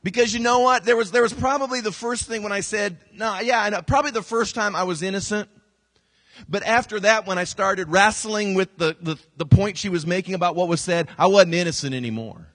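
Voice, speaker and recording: A man with a high voice preaches fairly quickly as a pastor, and there's no room sound. His sermon is animated storytelling, with quotes acted out and phrases repeated.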